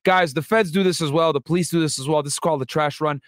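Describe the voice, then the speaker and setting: A man's voice: on the high side, fast talker, no room sound, studio quality. A man, a former federal agent, giving casual, profane, joking commentary on a documentary.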